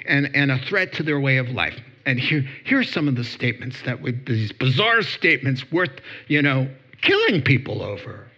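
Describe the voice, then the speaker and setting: A man's voice: fairly high pitch, bright, forceful tone, highs cut off. A man preaching a sermon, mocking and sarcastic in tone, often laughing as he speaks. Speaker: pastor.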